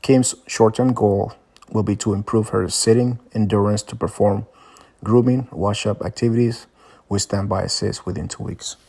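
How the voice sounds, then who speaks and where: A man reading out a clinical case summary and care plan in a plain, even way. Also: lowish voice, moderate pace, creaky. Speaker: student presenting a case. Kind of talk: read case summary narration.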